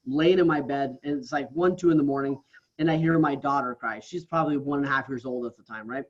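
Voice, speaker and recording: A man's voice: medium pitch, quick pace, highs cut off. A man as a podcast guest, talking earnestly and casually and often ending his thoughts with "right?". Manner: earnest, tags many lines with "right?". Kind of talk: casual interview talk.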